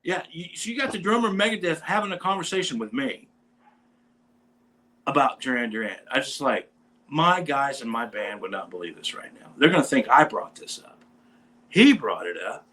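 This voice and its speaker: A man hosting a casual show, telling a rambling, animated anecdote about meeting a band. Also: medium pitch, moderate pace, rough recording. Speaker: podcast host; bass player in a metal band. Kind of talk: casual storytelling chat.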